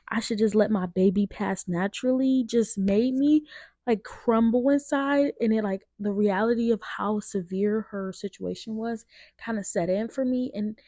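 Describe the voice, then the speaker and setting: A woman's voice: medium pitch, warm tone, no echo. A young woman talks through a personal story for her podcast, candid and emotional, dropping "like" between phrases. Her voice sits in a middle register, and the recording is dry, with no room around it. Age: young adult. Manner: emotional, candid, with frequent fillers like "like". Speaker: podcast host. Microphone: changed to a lower-quality mic partway.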